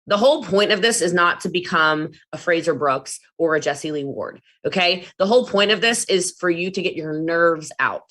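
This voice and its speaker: Woman, trainer, bright forceful voice, lowish pitch, animated delivery. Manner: fast, animated, jumps between demos and asides. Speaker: network marketing trainer. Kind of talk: energetic training talk.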